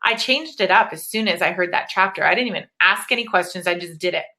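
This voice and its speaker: A woman's voice: lowish voice, quick pace, bright, forceful tone. A woman life coach giving a live webinar talk, blunt and casual, swearing freely as she coaches.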